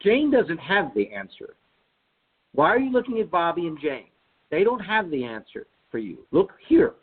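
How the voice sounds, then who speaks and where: This is a nagging elementary school teacher calling a wandering pupil back to the lesson, done by a man in a pitched-up voice. The tone is coaxing and insistent. It comes through a thin, phone-like line. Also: sing-song, moderate pace, husky, full character voice. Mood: scolding.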